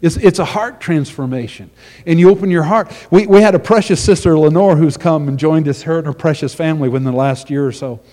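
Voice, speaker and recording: A man's voice: a little high, a little fast, warm tone, in a large hall. A man preaching a sermon with earnest storytelling, often repeating his words as he goes. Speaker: pastor.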